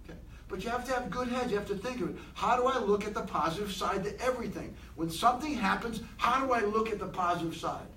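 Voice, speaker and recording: A man giving an animated motivational talk to a room of people, asking them many questions. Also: high voice, fast, reverberant, recorded from a distance, a little hiss or hum, poor audio. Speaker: motivational speaker.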